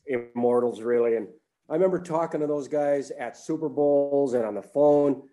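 A man's voice: mid-range voice, moderate pace, warm tone. An older man co-hosting a sports podcast, earnestly reminiscing in casual talk. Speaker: sportswriter co-host.

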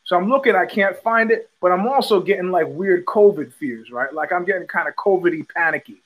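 An older man hosts a podcast and tells a rambling, casual story full of fillers and restarts, imitating the people he quotes. His voice is high, brisk and fairly bright, though the recording is rough.

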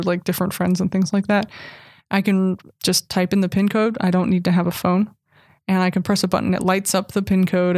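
Animated woman telling stories, dry sound. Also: fairly low pitch, no room sound. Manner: animated storyteller, wry asides. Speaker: guest, cyborg anthropologist. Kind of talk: casual interview talk.

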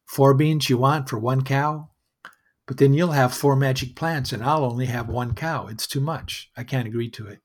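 Storybook merchant, sly and persuasive, put on by a male narrator; husky, slightly raised voice. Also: medium pitch, steady tone, moderate pace, lightly acted. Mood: coaxing. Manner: coaxing, salesman patter. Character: wily smooth-talking male bean merchant.

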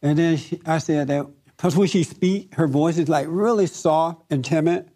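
A man leading a group talk, telling a story in a lively way and laughing often. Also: fairly high pitch, normal speed. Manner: animated, laughs often, acts out other voices. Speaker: discussion group leader.

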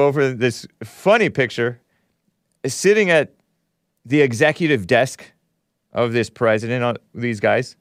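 A man's voice: medium pitch, no room sound, studio quality. A man hosting a solo commentary show, sarcastic and given to chuckling at his own remarks. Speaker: show host.

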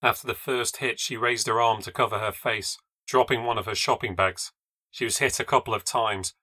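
Wry, measured male narrator for a ghost story podcast, slightly low and crisp-edged. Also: fairly even intonation, bright, forceful tone, no room sound. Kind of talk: scripted first-person ghost story narration.

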